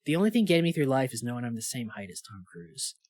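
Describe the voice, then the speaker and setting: A young man co-hosting a podcast in casual chat, rambling with lots of fillers and quick impressions. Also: mid-range voice, big pitch swings, darkish tone, no echo, clean studio sound. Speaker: podcast co-host.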